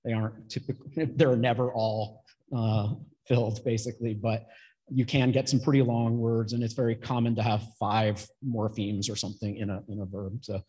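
A man presenting research at an academic conference, explaining his findings in a measured way with pauses between points. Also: on the low side, level tone, dark tone, husky, low-quality recording.

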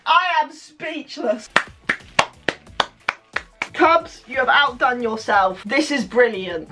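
A young woman filming an unboxing vlog, excitable and gushing, breaking into squeals and laughter. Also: on the high side, takes it slowly, background noise. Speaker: YouTuber.

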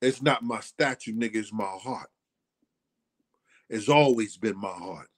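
A man's voice: lowish voice, measured pace. A middle-aged man, speaking in a blunt, profane casual monologue and hammering his points home through repetition. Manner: blunt, profane, repeats himself with emphasis. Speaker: host.

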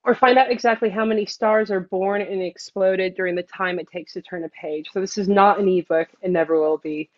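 A woman's voice: mid-range voice, steady tone, a little fast, few pauses, dry recording, lo-fi sound. A young woman presenting a design talk in a casual way, full of fillers and "like". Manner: informal, with many fillers and "like".

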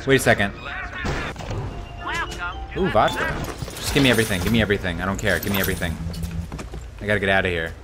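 A man streaming a horror game live, talking to his chat, swearing a lot and yelping and shouting at every scare. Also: on the low side, fast, pauses often, over music. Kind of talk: live gameplay commentary.

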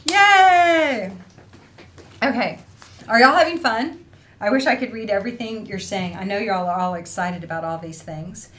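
Brisk and fairly bright in tone, a woman with a mid-range voice runs a casual craft livestream as host of an online felting school. She gushes as she reads out messages from viewers, laughing often.

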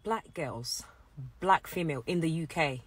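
UK mum, husky lowish voice, exasperated vlog rant. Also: female voice, animated, a little slow. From United Kingdom. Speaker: mother.

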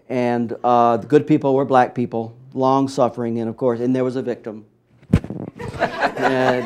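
A middle-aged man from Mississippi, an author being interviewed, telling stories in an animated, wry way and acting out what others said. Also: mid-range voice. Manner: animated, wry storyteller who acts out quotes. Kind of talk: storytelling in an interview.

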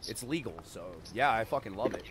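A man's voice: lowish voice, expressive, brisk, fairly bright tone, a little hiss or hum. A Canadian man chatting casually and profanely with strangers while gaming. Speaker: streamer.

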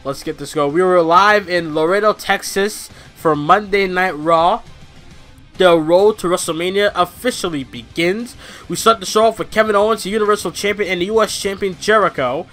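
Dude doing a casual review, high bright voice, rambles and swears a lot. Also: male voice, normal speed, faint music behind. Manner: rambling, profane, animated ranting. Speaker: wrestling reviewer.

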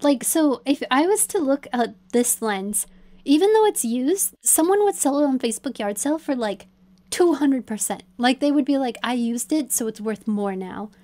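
A young streamer woman with a high, mellow voice chats away in her bedroom. She is excitable and loose, tripping over words and laughing as she goes. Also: normal speed. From United States. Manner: chatty and excitable, restarts and laughs. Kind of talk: casual chat.

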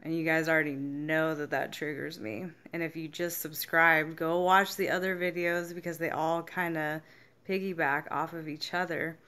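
Her voice is low-pitched and pushed-bright, with a flat delivery at a moderate pace. She's a young adult self-help vlogger giving a candid, casual monologue about her feelings, swearing freely and acting out what people told her.

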